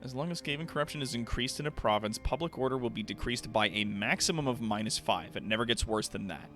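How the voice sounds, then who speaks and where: A man's voice: mid-range voice, quick pace, a bit bright, soft background music. A man streaming a strategy game, talking casually through his moves, laughing often and swearing now and then. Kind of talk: casual gameplay commentary.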